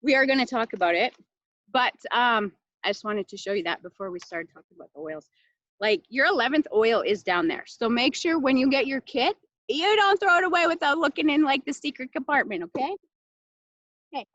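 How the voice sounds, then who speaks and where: A woman hosting a casual live class, talking in a chatty, heartfelt way with lots of fillers and bursts of animated excitement, into a laptop microphone. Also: high-pitched, a little fast, no room sound, lo-fi sound. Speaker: class host presenting essential oils.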